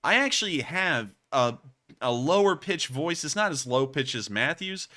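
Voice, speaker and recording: A man hosting a live news stream, answering viewer comments with energy and a pushed-up pitch. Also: moderate pace. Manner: energetic, keeps his voice pushed high. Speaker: livestream host.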